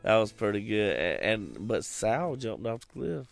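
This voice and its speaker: A man's voice: fairly low pitch, sing-song, moderate pace, creaky, soft background music. A man co-hosting a casual chat, swearing freely, laughing often and acting out quoted lines.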